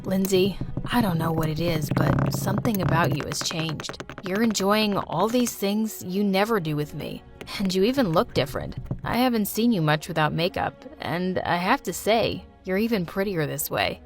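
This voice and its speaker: Earnest teen boyfriend, soft and low, a woman voicing him for a storytime. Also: lively intonation, moderate pace, soft background music. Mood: tender. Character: gentle teenage boyfriend, caring and earnest.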